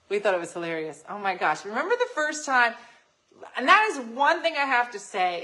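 A woman hosting a morning show, telling lively family stories with frequent laughter. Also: fairly high pitch, poor audio. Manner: animated and laughing, acts out voices in anecdotes. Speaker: radio show host. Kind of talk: casual chat, storytelling.

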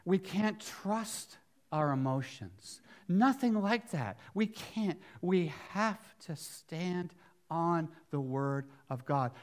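A middle-aged male pastor with a voice on the high side delivers a sermon that swings from near-whispers to loud, emphatic bursts. He mixes in chatty asides and rhetorical questions.

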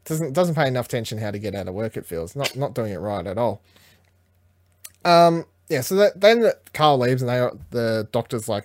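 A man's voice: mid-range voice, expressive, normal speed, a little mellow, no echo. Man, casual recap chat, rambling, profane, dry close sound. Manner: rambling, swears a lot, acts out characters' lines. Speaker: podcast co-host.

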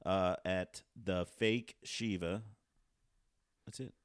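A man's voice: sits low, fairly even intonation, takes it slowly, smooth, no room sound, clean studio sound. A man, a comedian guest on a podcast, chatting casually and joking in a self-deprecating way.

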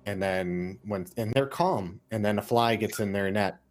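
A man's voice: on the low side, normal speed. A man playing a tabletop game, talking casually and rambling with many fillers and restarts. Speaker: player.

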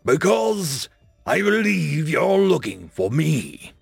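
A man voicing a weary human general with a gravelly voice and a dry, sardonic manner. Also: a little high, sing-song, takes it slowly, no echo, pitched above the performer's own voice, exaggerated voice.

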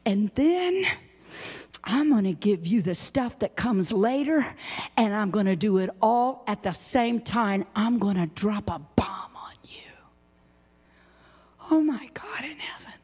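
Woman preaching in a reverberant hall. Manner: swings from high exclaiming to hushed whispers. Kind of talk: sermon. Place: church sanctuary. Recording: long reverb of a church hall.

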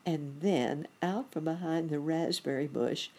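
A woman reading a children's bedtime story aloud in a gentle, expressive way. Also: sits low, measured pace, slightly rough.

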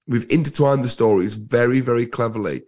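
A man co-hosts a casual podcast chat, his mid-pitched voice husky and thick from a head cold. He talks enthusiastically and drives his points home by repeating them. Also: brisk, darkish tone. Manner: enthusiastic, emphatic repetitions. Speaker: podcast co-host.

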